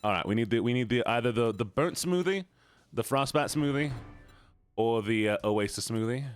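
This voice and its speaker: A man's voice: mid-range voice, animated, normal speed, clear, resonant tone, no room sound. Laid-back Southern man streaming a game. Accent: Southern US, Georgian. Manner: laid-back, chatty, laughs often, talks to chat. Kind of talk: casual gaming stream chat.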